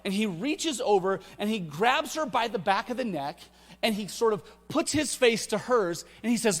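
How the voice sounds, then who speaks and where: A middle-aged man preaching a sermon as a pastor, telling a family story with animated energy in a church. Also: high-pitched, normal speed. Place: church auditorium. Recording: echoey church hall.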